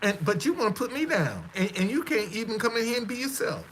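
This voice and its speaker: A man talks to his live-stream audience in a casual, defiant monologue. He stammers and repeats himself, with a high, lively voice. Faint noise sits behind him. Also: fast, rough recording.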